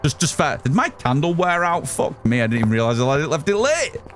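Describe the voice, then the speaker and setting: A man's voice: a little high, big pitch swings, brisk, soft background music. A man streaming live, chatting casually with lots of restarts and swearing. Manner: rambling, swears freely, many restarts. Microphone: studio mic through an audio mixer.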